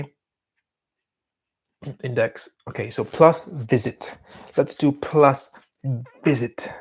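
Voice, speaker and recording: Slow, mumbling young man coding. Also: mid-range voice. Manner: mumbles, hums and sings filler sounds while typing. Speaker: vlogger coding on camera. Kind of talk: casual self-talk while working.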